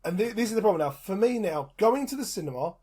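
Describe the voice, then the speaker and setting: A man's voice: high voice, very animated, fast, warm tone, slightly rough. A man co-hosting a podcast, telling stories in an emphatic, casual way. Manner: storytelling, emphatic. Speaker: podcast co-host.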